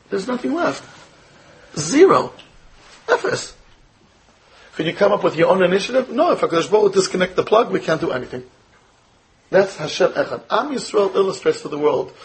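This low-quality recording captures an American rabbi teaching Torah in a high voice at a quick pace. He quizzes his students with rhetorical questions and sprinkles in Hebrew and Yiddish vocabulary.

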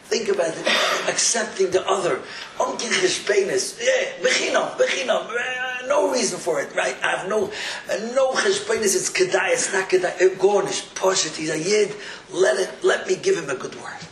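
High-voiced man, animated storytelling preacher, echoey room with faint background hum. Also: moderate pace. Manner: animated, laughing, mixes Yiddish and Hebrew words. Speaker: Jewish inspirational speaker. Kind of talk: storytelling sermon.

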